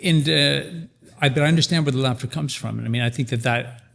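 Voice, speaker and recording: This podcast host is a man in his sixties with a mid-range, creaky, slightly bright voice, and he talks fast in a big-sounding room. In a casual conversational interview he speaks reflectively, often restarting as he searches for words.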